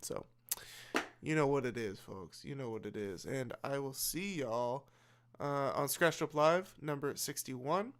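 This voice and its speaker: A man's voice: medium pitch, unhurried, a little hiss or hum. A young man hosting a casual late-night livestream, rambling and often repeating and restarting his words. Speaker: livestream host.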